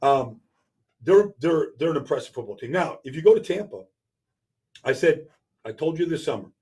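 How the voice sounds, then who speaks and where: A man talking sports on a radio show, emphatic and quick, repeating words as he builds each point. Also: on the high side, animated, darkish tone, husky. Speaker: regular guest analyst. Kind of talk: casual sports talk.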